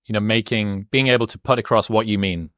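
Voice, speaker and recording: A man hosting a podcast who asks questions and adds thoughtful, measured comments. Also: on the low side, steady tone, a bit bright, dry recording, studio quality. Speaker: podcast host. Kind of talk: interview questions.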